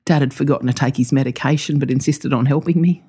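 A young adult telling a story in casual chat, animated and full of swearing. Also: medium pitch, fast, husky. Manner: animated, profane storytelling with laughter.

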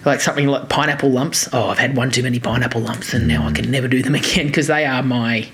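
A person telling a rambling story as a podcast co-host, animated, swearing freely and laughing often. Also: medium pitch, fast talker. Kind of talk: casual chat, anecdote telling.

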